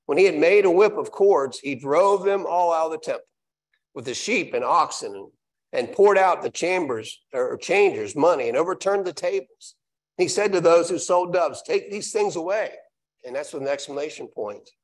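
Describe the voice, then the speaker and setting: A man's voice: fairly high pitch, animated, moderate pace. A man preaching a live sermon in a church, reading scripture aloud and then restating it with emphatic repetition. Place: church sanctuary.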